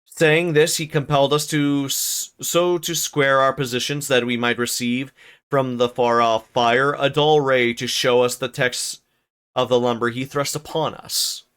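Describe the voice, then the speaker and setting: A man's voice: medium pitch, flat delivery, unhurried, fairly bright tone, clean tone. A man reading a classic novel aloud on a livestream, with stumbles, rereads and casual asides. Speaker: streamer narrating a novel.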